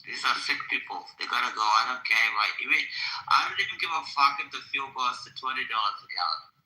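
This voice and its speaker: A man rants in casual conversation with a sharp, tense, very bright voice. He is emphatic and swears freely, circling back over the same points. The sound is roomy, with echo around him. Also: medium pitch, expressive, fast. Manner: emphatic, profane and repetitive. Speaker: podcast guest.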